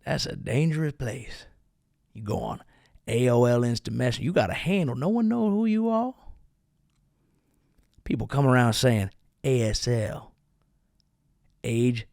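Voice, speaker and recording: A man's voice: mid-range voice, creaky, a little mellow. A man voicing a folksy, grizzled old man who talks in a drawl with dropped grammar.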